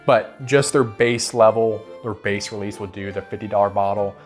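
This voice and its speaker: This whiskey reviewer, whose voice sits on the low side, talks at a moderate pace as he shares casual bottle picks to camera on his channel. His manner is relaxed, with repeated words and a habitual "right?", and faint guitar music plays in the background.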